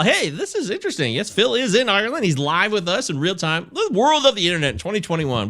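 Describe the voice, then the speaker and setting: A man's voice: fairly high pitch, gravelly, a bit bright. A man hosting a casual podcast, chatty and self-deprecating, laughing often. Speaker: podcast host.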